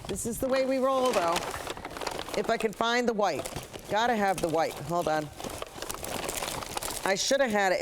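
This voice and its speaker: A woman's voice: on the low side, a little hiss or hum. A middle-aged woman with a cold teaches a painting lesson in a rambling, talkative way, with self-mocking asides. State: has a cold. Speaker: painting instructor.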